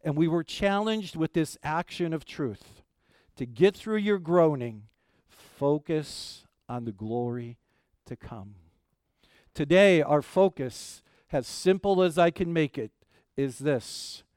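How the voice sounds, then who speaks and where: A man preaching a sermon as pastor, swinging from loud emphasis to hushed asides and repeating key phrases. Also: fairly high pitch, lively intonation, slow pace, clean tone, no room sound, studio quality.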